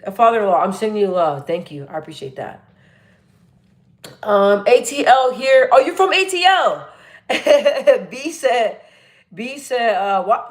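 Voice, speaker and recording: Woman from Arizona, casual livestream host, rambling chatty delivery, mid-range voice. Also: mid-range voice. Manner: chatty and rambling, full of "like" fillers. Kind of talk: casual livestream chat with viewers.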